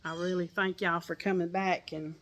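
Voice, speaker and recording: A woman's voice: on the low side, little pitch movement, normal speed, a bit bright, slight background noise. An older woman with a Southern accent, chatting folksily to her viewers outdoors on a porch and laughing often. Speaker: crochet vlogger. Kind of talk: casual chat to viewers.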